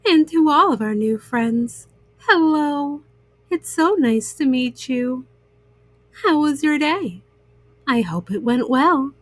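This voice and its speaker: A woman reading bedtime stories aloud to young listeners, gentle and soothing. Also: sits high, expressive, slow, dry recording. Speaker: storyteller.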